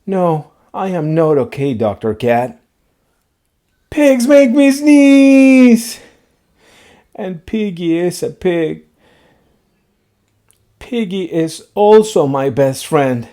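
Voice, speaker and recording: A man voicing an anxious male elephant in a picture book read-aloud, fretful and dramatic with loud sneezes. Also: a little high, lively intonation, slow pace, pitched below the performer's own voice. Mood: worried.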